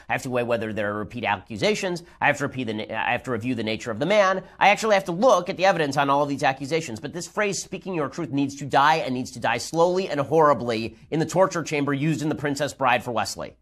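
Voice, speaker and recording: Rapid-fire sardonic male commentator. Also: medium pitch, expressive, fairly bright tone. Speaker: political commentator. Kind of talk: political commentary.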